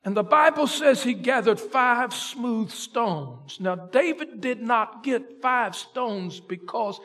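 A male pastor preaching a sermon, retelling a story dramatically and swinging between loud emphasis and a near hush. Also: very high-pitched, expressive, slow pace.

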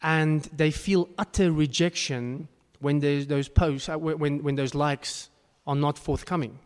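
A male pastor delivers an earnest sermon with sudden emphatic bursts. His voice sits somewhat high for a man. The sound carries a long reverb tail, as if from a large church hall. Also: fairly even intonation, measured pace, clean tone.

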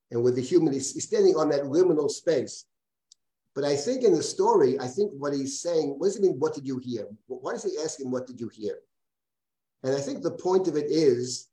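A rabbi teaching a text study class, reading a passage aloud and translating it line by line. His man's voice is soft and mellow, and he often stops to repeat a word as he explains. It comes through roomy video-call audio with plenty of echo. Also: on the high side. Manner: halting, repeats words while translating and explaining.

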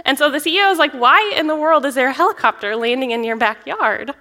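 A young woman, a children's ministry director, preaching a sermon in a church, chatty and lively, often laughing as she tells a story. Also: high voice, fast talker. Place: church sanctuary. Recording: long reverb of a large hall.

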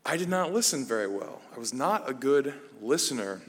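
A man's voice: mid-range voice, moderate pace. Male preacher, easygoing and self-deprecating, mid-range voice, recorded with long hall echo. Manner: self-deprecating storyteller, relaxed and conversational. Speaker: Bible study teacher. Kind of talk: conversational sermon.

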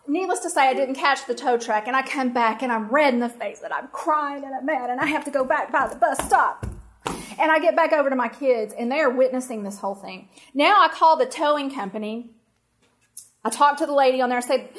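A middle-aged woman, telling a personal story to an audience in an animated, emphatic way. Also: high voice, brisk, slight background noise. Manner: animated, emphatic, talks straight to listeners. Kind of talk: personal anecdote told to an audience.

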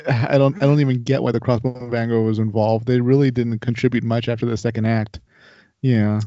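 Mellow, hesitant man in casual chat. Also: mid-range voice, a little fast. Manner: relaxed, hesitant, many fillers. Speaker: podcast co-host. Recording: dry, dull lo-fi audio.

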